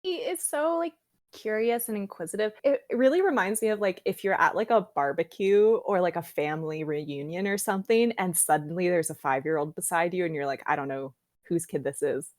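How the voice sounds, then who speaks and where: A woman co-hosting a book podcast in a relaxed, chatty way, retelling scenes with lively asides. Her voice sits a little low and the sound is dry and close, with no room around it. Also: brisk, no echo. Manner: animated retelling with reading aloud. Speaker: podcast co-host. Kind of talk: casual book chat.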